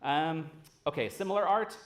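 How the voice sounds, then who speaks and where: Animated, swearing conference speaker in a roomy hall. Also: male voice, fairly high pitch, normal speed. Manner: casual, animated, swears freely. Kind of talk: conference talk. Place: large lecture hall.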